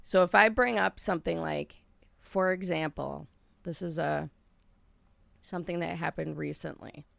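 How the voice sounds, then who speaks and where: A woman's voice: sits low, fairly even intonation, a little slow, creaky, long pauses, a bit bright, dry recording. A middle-aged woman co-hosting a podcast, telling a story in a rambling, self-mocking way with lots of laughter. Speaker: podcast co-host. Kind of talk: casual storytelling chat.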